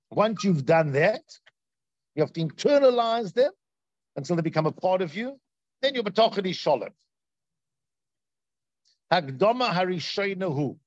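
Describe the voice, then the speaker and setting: Acting out the voices he quotes and quizzing his listeners, a man with a high-pitched voice teaches Torah in a lively style. The recording has no echo and sounds dull and lo-fi.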